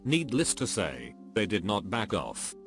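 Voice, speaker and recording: A man with a lowish voice reads online stories aloud in a flat, even way. Soft music plays quietly underneath his narration. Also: measured pace.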